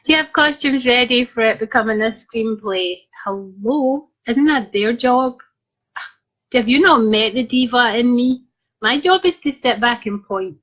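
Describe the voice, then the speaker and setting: Giggling her way through a cheeky tale, a young Scottish woman vlogs to her viewers, often bursting into laughter. She speaks unhurriedly in an animated, somewhat high, slightly bright voice, captured on dull lo-fi audio.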